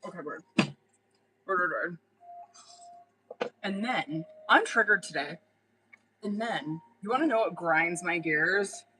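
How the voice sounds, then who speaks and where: Casting: young woman tarot reader on a live stream, bright tone, blunt, swears a lot, chatty. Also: lowish voice, animated, slow, pauses often, poor audio. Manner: blunt, profane, chatty, laughs often.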